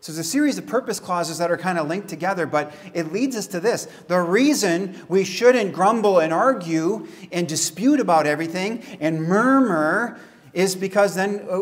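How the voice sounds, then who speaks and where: A man as pastor, preaching a casual, conversational sermon with chatty asides and quick laughs. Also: high voice.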